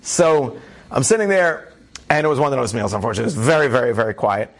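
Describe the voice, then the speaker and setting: A man telling a funny personal story to an audience, animated and self-deprecating, often breaking into quoted voices. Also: medium pitch, fast talker. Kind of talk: anecdotal storytelling talk.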